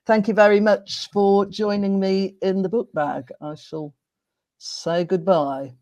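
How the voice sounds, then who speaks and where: A woman's voice: mid-range voice, fairly even intonation, no echo, dull audio. Polite woman hosting a chat, wry little remarks, dry close sound. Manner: polite, measured, gently wry. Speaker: host. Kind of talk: casual conversational interview.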